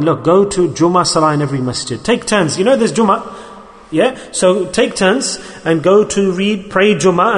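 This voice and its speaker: High-voiced man preaching in an echoing hall. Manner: emphatic, repeats phrases, asks the audience questions; mixes English with Arabic and Urdu religious terms. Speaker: Sufi shaykh preaching on dhikr. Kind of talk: sermon. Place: mosque hall.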